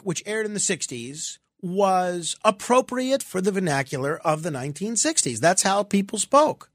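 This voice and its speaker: A man hosting a talk radio show, his voice pitched high for a man with a gravelly rasp at the edges. He comments with sarcasm and mock exasperation and drifts into chatty asides. The studio microphone sound is close and dry. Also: animated, moderate pace, few pauses, no echo.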